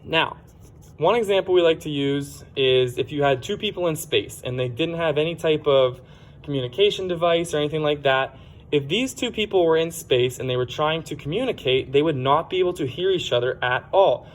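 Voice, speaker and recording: A man's voice: fairly high pitch, brisk. A man teaching a science lesson for children in a plain, explanatory way, sometimes correcting himself.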